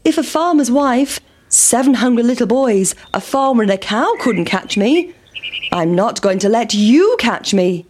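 A woman voicing a cheeky, boastful runaway pancake in a children's storybook reading, squeaky and teasing. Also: animated, measured pace, darkish tone.

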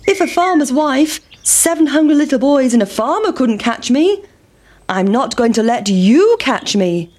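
A small, boastful pancake taunts its chasers in a high, squeaky voice, as a woman puts it on for a storybook. It sounds a touch distant and louder than the narration around it. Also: very animated, measured pace, heavily acted. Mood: cheeky.

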